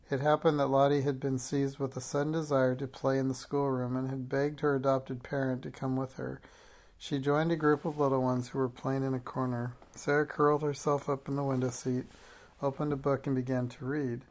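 An audiobook reader narrating a classic children's novel in an even, measured way, with occasional small slips. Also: medium pitch.

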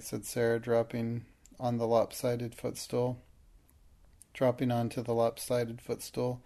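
Gravelly, even-toned male audiobook narrator. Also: mid-range voice, unhurried. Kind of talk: scripted narration.

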